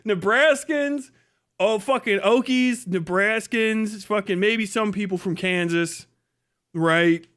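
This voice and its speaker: A man's voice: sits high, fairly even intonation, measured pace, fairly bright tone, smooth. A man hosting a livestream, ranting crudely and mockingly, laughing often. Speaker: livestream host. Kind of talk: profane comedic rant.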